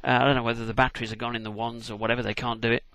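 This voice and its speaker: A man's voice: medium pitch, flat delivery, rapid-fire, a bit bright, no echo. A man retelling a story comically, in a rambling, conversational way.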